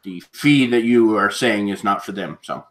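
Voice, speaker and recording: Bright-voiced easygoing male host. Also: fairly low pitch, moderate pace. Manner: easygoing, rambling. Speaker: auction show host. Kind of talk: casual live-stream chat.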